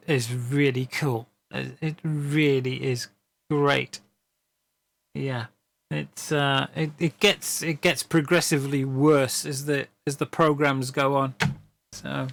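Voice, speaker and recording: A man's voice: on the high side, a bit bright. A man, a streamer rambling through a story in casual chat, stammering and laughing often.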